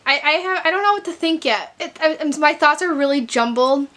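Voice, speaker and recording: A woman's voice: high voice, brisk, sharp tone. A young woman from Chicago chatting casually in a book vlog, rambling and filling her talk with "like", teary at times. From Chicago, USA. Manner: rambling, frequent fillers like "like". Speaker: book vlogger.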